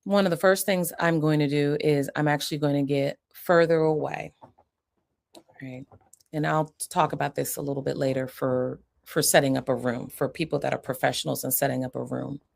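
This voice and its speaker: A woman's voice: low voice, steady tone, normal speed, vocal fry, darkish tone. A middle-aged woman psychiatrist giving an educational talk in a conversational, explanatory way, often checking in with the listener.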